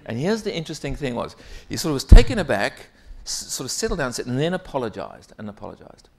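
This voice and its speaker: A man's voice: medium pitch, quick pace, gravelly. A middle-aged man giving a conference keynote as an executive coach. He tells stories and keeps checking in with the audience. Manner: lively storytelling, frequent "right?" asides to the audience.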